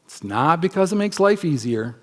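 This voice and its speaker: A male pastor with a somewhat high voice delivers a sermon in a church. He talks in a conversational, emphatic way and slips into quick acted-out asides. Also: sing-song. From United States. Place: church sanctuary.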